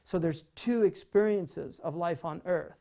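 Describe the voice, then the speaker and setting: A man giving an animated, conversational lecture on poetry, full of rhetorical questions and "right?". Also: high voice, measured pace, vocal fry.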